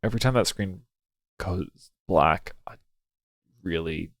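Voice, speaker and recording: Low-voiced and slow, a game streamer works through a story game, nervously commenting and cursing as he reads some of the dialogue half in character. Game music plays in the background.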